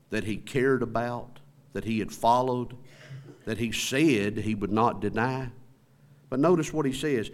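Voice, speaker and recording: Southern man preaching a folksy sermon. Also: medium pitch. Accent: Southern American. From American South. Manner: folksy preaching with rhetorical questions. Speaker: pastor.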